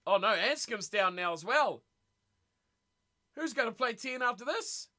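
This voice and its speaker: Man, high voice, bright and sharp tone, excitable live match reaction, chatty streamer. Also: a little slow. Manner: excitable, chatty, reads viewer messages aloud. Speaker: streamer hosting a watch party.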